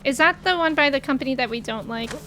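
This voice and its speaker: Woman streamer, casual chat, giggly, high voice, bright tone. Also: fast talker, slight background noise. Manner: chatty, reads chat aloud, giggly. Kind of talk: casual chat while playing a game.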